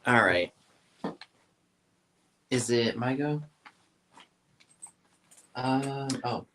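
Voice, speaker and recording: A man's voice: medium pitch, very slow, slight background noise. A man co-hosting an antiques show, casually showing items one by one. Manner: relaxed, lively, shows items one by one.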